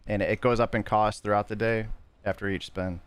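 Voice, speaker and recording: A man with a fairly low voice talks to viewers during a live game stream. His chat is casual and loose, wandering from point to point and stopping to fix his own words. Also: little pitch movement, normal speed, smooth. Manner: rambling, loose and self-correcting.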